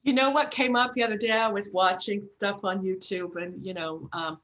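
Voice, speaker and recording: A woman's voice: medium pitch, fairly even intonation, moderate pace, fairly bright tone, lo-fi sound. A middle-aged woman voice coach who talks casually and expressively, demonstrating sounds and encouraging the listeners. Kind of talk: casual chat with vocal demos.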